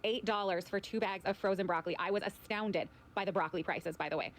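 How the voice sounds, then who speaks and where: A woman from the American Midwest ranting casually about food prices in an exasperated way, with many fillers. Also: mid-range voice. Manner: fast, exasperated, filler-heavy.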